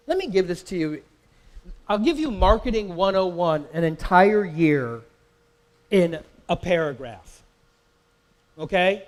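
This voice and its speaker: High-voiced man teaching a marketing workshop. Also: a little mellow. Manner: emphatic, quizzes the audience with questions; repeats words and restarts while talking. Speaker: workshop presenter. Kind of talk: live marketing workshop lecture. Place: live event in a company facility.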